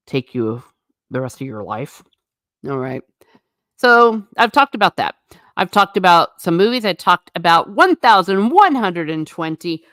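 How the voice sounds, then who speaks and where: Low-voiced woman musing alone, chatty and sarcastic. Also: a bit bright, no room sound, clean studio sound. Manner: chatty, rambling, sarcastic asides. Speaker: channel host. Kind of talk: casual solo musing. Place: living room.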